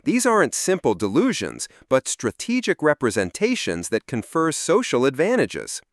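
A man giving a measured, scripted explanatory narration. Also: mid-range voice, huge pitch swings, no room sound, clean studio sound.

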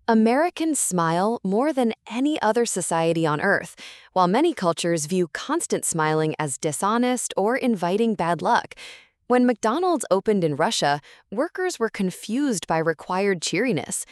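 Woman in steady scripted narration. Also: mid-range voice, normal speed, dry recording, studio quality. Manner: steady, even-paced reading. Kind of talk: scripted book-summary narration.

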